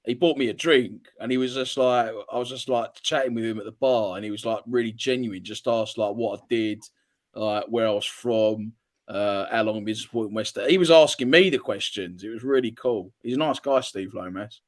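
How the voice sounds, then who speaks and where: A man's voice: on the low side, normal speed. A young adult man on a fan panel, telling stories in casual chat with a hesitant, filler-heavy delivery.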